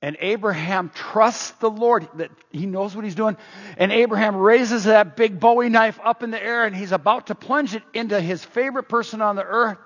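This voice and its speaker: A man preaching a sermon in an energetic, emphatic way, moving between loud stresses and quiet asides. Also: high-pitched, normal speed. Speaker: pastor. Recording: dull, echoing hall sound.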